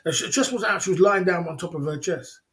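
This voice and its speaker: A man's voice: high voice, quick pace, fairly bright tone. A man hosts a livestream. He tells stories in a loose, rambling way. He keeps repeating lines, chuckles and calls out to the people in the chat. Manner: rambling, repetitive, chuckles often, talks to the chat. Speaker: livestream host. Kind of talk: casual livestream storytelling.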